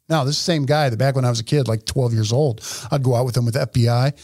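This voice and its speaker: A man co-hosting a casual podcast from an office, talking bluntly with plenty of profanity and animated storytelling. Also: medium pitch, fast talker, few pauses, no room sound, studio quality. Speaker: podcast co-host. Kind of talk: casual opinionated chat. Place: office studio.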